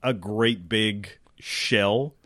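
A man's voice: on the low side, very slow, sharp tone, dry recording, clean studio sound. A man co-hosting a casual movie podcast in an easygoing, rambling way, full of fillers. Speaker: podcast co-host. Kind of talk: casual movie commentary chat.

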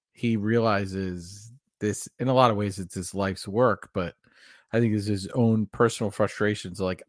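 Low-voiced man musing on a film. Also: no echo, studio quality. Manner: conversational, musing with fillers and asides. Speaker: podcast co-host. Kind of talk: casual movie discussion.

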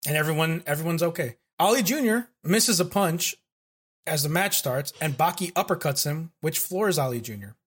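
Animated young man, lively pitch. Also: moderate pace, slightly rough. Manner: animated, profane, acts out characters while retelling. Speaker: podcast host recapping an anime. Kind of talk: casual chat.

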